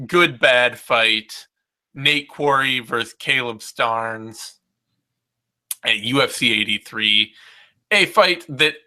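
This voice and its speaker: A man's voice: medium pitch, bright, forceful tone, clear, resonant tone. A man hosting a casual podcast chat, talking in a rambling, wry way and often restarting his sentences. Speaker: podcast host.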